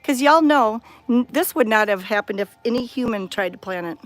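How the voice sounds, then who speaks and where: A woman's voice: fairly high pitch, animated, normal speed. A woman vlogging on a phone camera outdoors at a cat sanctuary, chatting in a bubbly, enthusiastic way. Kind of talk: casual walking vlog. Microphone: handheld phone camera.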